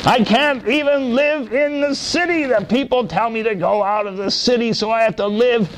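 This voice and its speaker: A man voicing a tormented wild man possessed by demons, speaking high, strained and pleading. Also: normal speed, slight background noise, low-quality recording.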